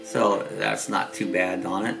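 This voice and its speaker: Middle-aged Southern Ohio man, chesty and congested, gravelly low voice, rambling easygoing host, faint music underneath. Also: little pitch movement, unhurried, low-quality recording. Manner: rambling, easygoing, chuckles often. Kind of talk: casual morning chat.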